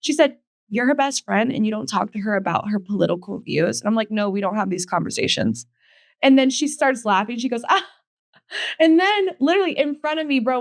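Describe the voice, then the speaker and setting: A woman in her late twenties tells a story in a loose, swearing, animated way. Her voice sits a little high for a woman. The sound is dry and close with no room around it. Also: dry recording. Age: late 20s. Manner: animated, profane, quotes people in a raised voice. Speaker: podcast host. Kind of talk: casual storytelling.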